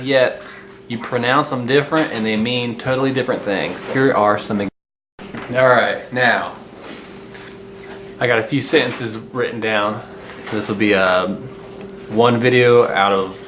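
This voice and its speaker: A man's voice: mid-range voice, a bit bright. Chatty man teaching in an echoey kitchen. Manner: loose and chatty, repeats himself, many fillers and restarts; slows down to read example sentences aloud. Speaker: English teacher. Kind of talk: casual home-made lesson. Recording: echoey room with clear kitchen noise.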